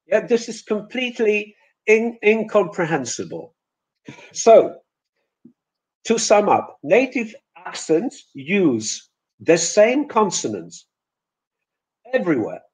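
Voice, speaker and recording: A man whose first language is Polish, giving a pronunciation lesson in a webinar, deliberate and hesitant, with fillers and restarts, on a computer mic. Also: high-pitched, big pitch swings, low-quality recording. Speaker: pronunciation teacher. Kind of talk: webinar lecture.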